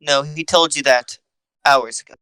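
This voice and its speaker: Brief: man, game master, playful, bright tone, dry close sound. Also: a little high, fairly even intonation, moderate pace, clear, resonant tone, no echo. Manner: playful, laughs often. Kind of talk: narrating a tabletop game.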